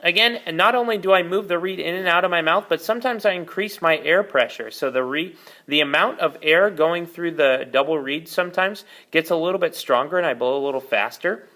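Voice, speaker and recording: Bright-voiced man teaching the oboe. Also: fairly high pitch, a little fast. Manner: patient, explanatory, frequent fillers. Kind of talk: step-by-step music lesson. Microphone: camera mic, repositioned during video.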